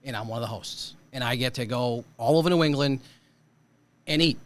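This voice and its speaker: A man's voice: medium pitch, a little fast, slight background noise. A man with a strong Boston accent, a guest chatting bluntly and emphatically on a podcast. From East Boston, USA. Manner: blunt, emphatic, repeats himself. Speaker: guest, TV restaurant show co-host. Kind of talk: casual podcast chat.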